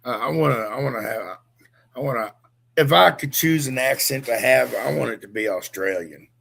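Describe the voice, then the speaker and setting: An older man with a gravelly, husky voice chats casually as a podcast co-host. He drawls along in loose, rambling stories, restarting and trailing off as he goes. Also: mid-range voice, moderate pace, fairly bright tone. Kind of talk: casual chat.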